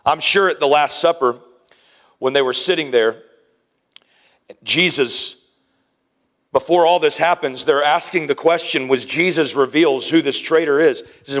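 Man, preacher, slightly high voice, animated sermon delivery, acts out scenes, drops to whispers. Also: unhurried, pauses often.

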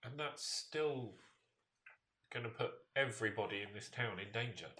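A man's voice: mid-range voice, normal speed, sharp tone. A man playing in a tabletop role-play, speaking diplomatically and trying to talk things through in character. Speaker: player. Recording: roomy echo.

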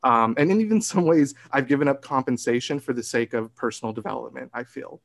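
A man in his late thirties talks through his thoughts in a relaxed, rambling way, circling back and restarting sentences as he goes. His voice sits at an ordinary middle pitch. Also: brisk, creaky. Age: 30s. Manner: reflective, rambling, frequent restarts and laughs. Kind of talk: casual conversation.

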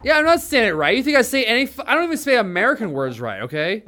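A man's voice: extremely high pitch, sing-song, very fast, bright, forceful tone. A man teasing his friends and joking in a casual podcast chat. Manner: teasing, sing-song, joking. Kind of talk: casual banter.

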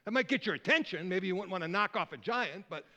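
A man preaching a sermon, rambling and lively, calling out questions to the congregation. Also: sits high, fast talker, highs cut off. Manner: lively, rambling, audience call-and-response. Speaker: guest preacher.

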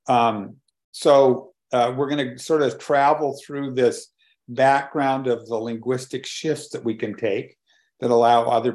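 A man in his seventies giving a reflective talk with personal stories, unhurried and thoughtful, often pausing to search for words. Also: medium pitch, darkish tone. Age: 70s. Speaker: speaker on conversation and collaboration.

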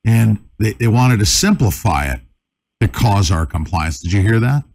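A man's voice: lowish voice, lively intonation, moderate pace, vocal fry, darkish tone, no room sound. A man hosting an interview show, chatting casually with rambling asides. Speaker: host.

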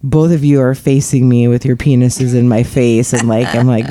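A woman's voice: rumbling low, little pitch movement, normal speed, few pauses, dark tone, a little hiss or hum. A woman talking frankly in a casual podcast chat, chatty and laughing often.

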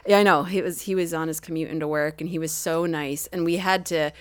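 A woman's voice: low voice, fairly even intonation, brisk, no room sound. A woman from Maine, co-hosting a podcast, telling a story in casual chat and acting out the quoted lines. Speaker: podcast co-host.

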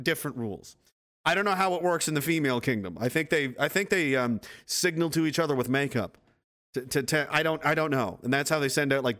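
A man's voice: fairly high pitch, sharp tone. A man hosting a casual livestream, reading chat, rambling and profane and laughing often.

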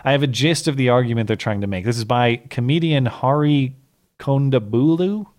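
A man hosting a podcast, explaining his point at length in an argumentative, conversational way. His voice sits at a typical male pitch, neither high nor low. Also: normal speed, darkish tone. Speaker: podcast host. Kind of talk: casual political commentary.

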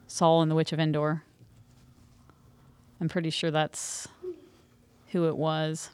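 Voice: medium pitch, completely flat delivery, slow, a little mellow, clear, resonant tone, no room sound. A co-host on a casual faith podcast, easygoing and agreeable.

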